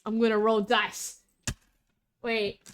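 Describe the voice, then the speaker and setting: Giggly high-voiced young woman streamer. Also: flat delivery, slow pace, a little hiss or hum. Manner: rambling, giggly, full of "like"; drops into loud whispers. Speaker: vtuber streamer. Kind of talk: casual livestream chat.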